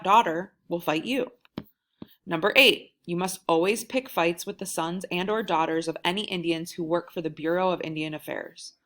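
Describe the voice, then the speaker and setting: Woman reading a novel aloud, low-pitched. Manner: wry first-person storytelling with lively voiced quotes. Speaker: audiobook reader.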